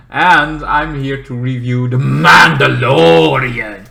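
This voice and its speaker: A man hosting a casual show-review vlog. He is excitable and swears freely, breaking into loud shouts. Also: medium pitch, takes it slowly, vocal fry, few pauses, heavy background noise. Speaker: TV show reviewer and channel host.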